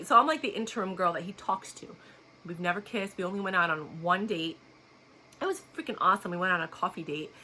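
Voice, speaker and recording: A woman's voice: fairly low pitch, bright, forceful tone, a little hiss or hum. A woman vlogger telling a personal story in a blunt, outspoken way, laughing often. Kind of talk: casual storytelling to camera.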